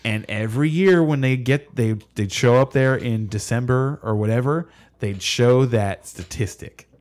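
Brief: male podcast co-host, excitable, rambling football chatter, often laughing. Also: mid-range voice, a little slow. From California. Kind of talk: casual sports chat.

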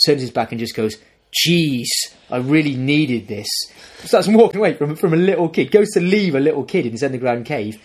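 Husky man rambling through a story. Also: a little high, fast talker, few pauses. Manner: rambling, animated storyteller acting out characters. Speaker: podcast co-host. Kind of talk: casual chat, retelling a film plot.

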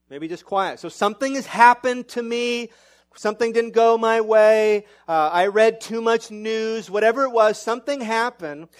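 A middle-aged man preaching a sermon as pastor, animated and self-mocking, his voice climbing when excited. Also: high-pitched.

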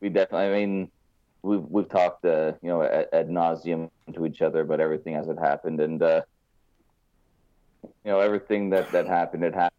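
A deep-voiced man co-hosts a casual podcast, often repeating words as he gets going. His voice comes through slightly dull and muffled, with a dry, close sound. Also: fairly even intonation, no room sound. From Canada. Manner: halting, repeats words as he starts. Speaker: podcast co-host.

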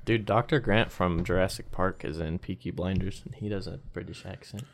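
Brief: low-pitched male co-host, relaxed low-key storytelling, chuckles. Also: brisk, creaky, slight background noise. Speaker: podcast co-host. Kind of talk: casual podcast chat.

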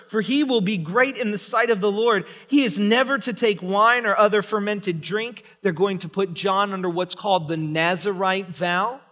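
A male pastor preaching a sermon in a church sanctuary, emphatic and swinging from hushed to loud. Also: sits high. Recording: long reverb of a large church hall.

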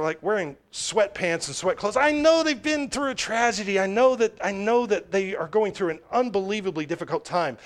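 A man preaching a sermon in a conversational, animated way, often correcting himself mid-sentence. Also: a little high.

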